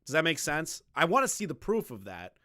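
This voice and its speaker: Bright-voiced young man reacting to a video. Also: fairly high pitch, wildly swooping pitch, a little fast, no room sound, studio quality. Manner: casual, repetitive, swings between loud and muttering. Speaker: commentary streamer. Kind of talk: reaction commentary.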